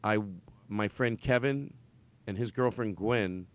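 A man's voice: lowish voice, takes it slowly, no echo. A middle-aged man hosting a casual comedy chat, rambling through stories and laughing often. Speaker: podcast host.

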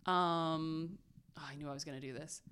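Young woman, podcast co-host, rambling storyteller, lowish voice. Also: steady tone, normal speed, a bit bright, smooth. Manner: chatty, rambling with fillers and laughs. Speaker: podcast co-host telling a true crime story. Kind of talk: casual chat.

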